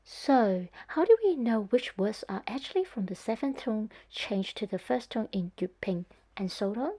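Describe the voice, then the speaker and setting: A woman's voice: on the high side, expressive, moderate pace, mellow. A woman narrating a scripted language lesson, speaking carefully and demonstrating tones one by one. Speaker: Cantonese teacher.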